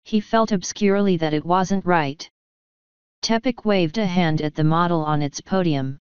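A woman reading an audiobook in a measured, dry narration. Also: lowish voice, clear, resonant tone, dry recording, highs cut off. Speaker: audiobook reader.

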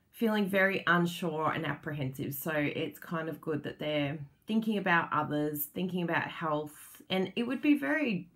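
Slow, low-voiced Australian woman chatting. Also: fairly bright tone. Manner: chatty, laughs often, sentences that wander and trail off. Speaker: crafting channel host. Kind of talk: casual livestream chat with viewers.

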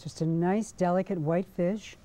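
A woman's voice: lowish voice, steady tone, normal speed, a little hiss or hum. A woman hosting a TV cooking segment in a studio kitchen, gushing over the food and signing off the show. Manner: gushing, warm sign-off delivery. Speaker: TV show host.

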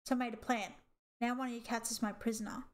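A woman's voice: steady tone, fast, natural voice. A woman voicing a huge scarred male tabby cat who leads rogues, speaking in a smug, mockingly polite purr. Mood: menacing. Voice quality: low raspy purr.

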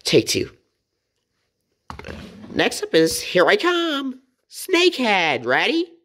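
A woman's voice: medium pitch, wildly swooping pitch, takes it slowly, a bit bright, slight background noise. A woman hosting a casual toy review, chatty and playful, giggling often as she talks.

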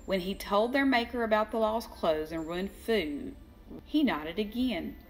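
An older woman reading a children's storybook aloud, slow and expressive, giving the characters their own voices. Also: medium pitch. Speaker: children's book reader.

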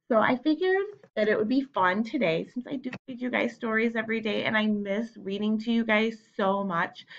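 A woman's voice: medium pitch, dull audio. Encouraging woman teacher on video. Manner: encouraging, animated classroom talk. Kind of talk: teacher talking to young students on video. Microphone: home camera.

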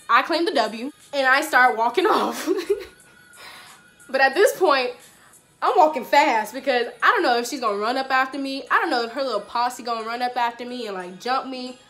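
Young woman, vlogger, slangy storytime, fairly high voice, faint music behind. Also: a little fast. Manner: animated, slangy, addresses viewers directly. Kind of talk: casual storytime.

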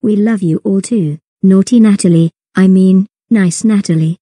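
Woman doing a kind supportive cartoon sister, dark and husky. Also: mid-range voice, normal speed, dry recording, close to an everyday voice. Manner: kind, encouraging.

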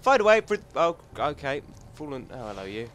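A man's voice: mid-range voice, big pitch swings, a little fast, a bit bright, slight background noise. A man hosting a gaming channel, chatting and joking casually as he thinks aloud through gameplay commentary.

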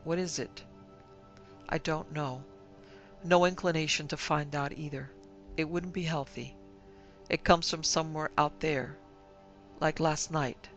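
Hushed scared old shopkeeper guy rambling rumors, read by a man, gravelly and kinda flat. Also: on the high side, unhurried, long pauses, soft background music. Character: fearful older male small-town shopkeeper.

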